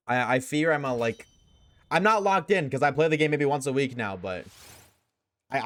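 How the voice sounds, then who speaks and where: A young man streaming a game and chatting casually with his audience, slangy and joking, talking in quick bursts. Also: fairly high pitch, no room sound.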